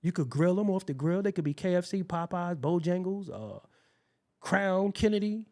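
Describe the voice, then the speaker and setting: A man with a gravelly, rough-edged voice spins a casual, profane story. His pitch swings up and down as he rambles. He sounds like a show host talking straight to his viewers. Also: expressive, moderate pace, darkish tone.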